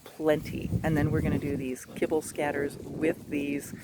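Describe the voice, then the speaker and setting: A man working as a dog trainer, giving an instructional talk in a chatty, animated way with playful asides. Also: on the high side, normal speed, heavy background noise.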